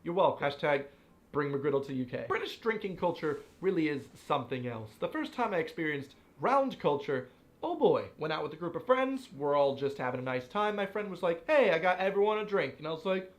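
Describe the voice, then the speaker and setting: A young man telling stories in a casual commentary video, animated and playfully exasperated. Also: on the high side, brisk. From United States. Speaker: vlogger.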